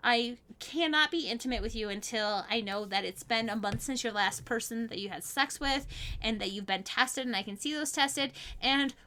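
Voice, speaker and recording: A high, bright woman's voice giving frank, no-nonsense advice as a podcast co-host. She talks plainly and bluntly, with a casual edge and the odd curse. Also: moderate pace. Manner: blunt, frank, swears and laughs often.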